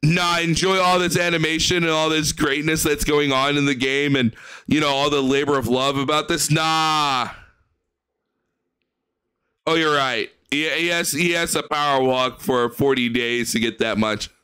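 A man's voice: on the high side, fairly even intonation, moderate pace, pushed and bright, clean tone. A man hosting a reaction video, ranting and mocking the gameplay he watches with profane sarcasm. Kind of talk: mocking commentary over gameplay.

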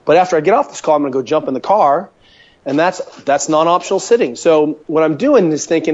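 A man talking as an interview guest over a call, an animated storyteller full of fillers, standing at a home counter. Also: on the high side, fast talker. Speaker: guest, mobility coach. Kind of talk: casual interview by phone call. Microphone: phone or call line. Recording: dull lo-fi call audio.

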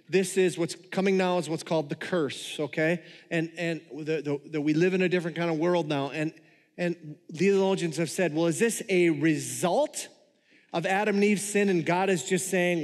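A man's voice: a little high, normal speed. Man preaching in a reverberant hall. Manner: conversational, joking with the congregation. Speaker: pastor. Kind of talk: sermon.

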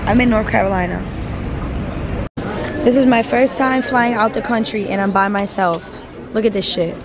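Crowd noise surrounds a young New York woman whose mid-range voice moves at a moderate pace. She's casually vlogging from an airport and a hotel room into a phone at arm's length, speaking bluntly and profanely and getting tearful at times.

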